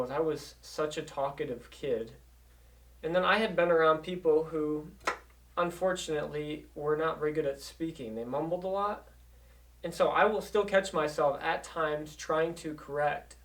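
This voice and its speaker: A man talks as a life coach, earnest and insistent, circling back to repeat his main points. His voice sits fairly high for a man. He sounds a little distant, as if set back from the microphone. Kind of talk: motivational talk to camera.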